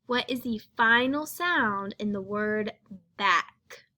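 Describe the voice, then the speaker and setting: A woman's voice: a little high, slow, sharp tone. A woman teaching young children a phonics lesson, speaking patiently and sounding out each letter.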